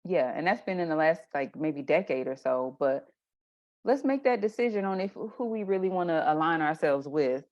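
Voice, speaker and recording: A woman chatting casually as a guest, telling animated stories and acting out her own reactions. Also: deep voice, moderate pace, highs cut off. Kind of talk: casual conversation.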